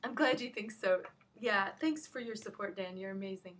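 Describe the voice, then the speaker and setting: A woman's voice: medium pitch, moderate pace, a bit bright, a little hiss or hum. A woman on a phone call, telling what happened in an agitated, rambling way full of restarts. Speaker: caller recounting an incident. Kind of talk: emotional phone conversation.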